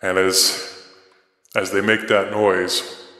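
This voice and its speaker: A man's voice: low-pitched, level tone, slow pace, pushed and bright, reverberant, long reverb tail. A man running a tabletop game as game master, narrating unhurriedly with many fillers.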